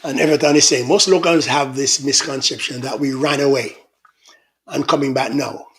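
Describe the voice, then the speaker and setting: Reading out viewer comments on his casual livestream, this middle-aged man from Jamaica is chatty and teasing, laughing frequently. His mid-range voice has a fairly bright tone and fairly even intonation, at a normal speed.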